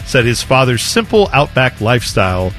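Radio co-host, man, lively sing-song telling, jokey, faint music bed. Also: medium pitch, normal speed. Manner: jokey, storytelling, chuckling. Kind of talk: casual radio banter.

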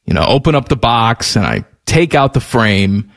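A man co-hosting a sports radio show, telling a story in an animated, playful way. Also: mid-range voice, normal speed, gravelly. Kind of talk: casual chat.

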